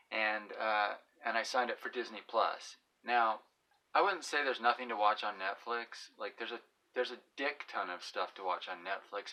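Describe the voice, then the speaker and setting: Rambling man with a bright, forceful voice. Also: mid-range voice, rough recording. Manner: rambling, full of fillers and restarts; wry, mildly exasperated. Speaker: vlogger reviewing shows. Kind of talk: casual rambling review.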